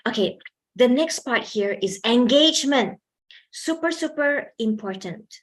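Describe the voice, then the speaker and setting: A woman's voice: fairly high pitch, animated, unhurried. A young woman giving a chatty workshop talk on public speaking, often asking the audience questions.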